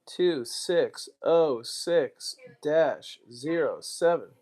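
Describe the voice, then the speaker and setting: A man's voice: fairly high pitch, drawn-out words, a little mellow. An American man chatting casually on a live stream, muttering asides and mocking himself as he goes. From United States. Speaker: streamer, card collector.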